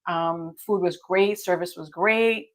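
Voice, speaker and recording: A woman's voice: on the low side, fairly even intonation, slow pace. A middle-aged woman from the Bronx, a guest travel expert chatting casually and laughing easily. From the Bronx, New York. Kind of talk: casual interview chat.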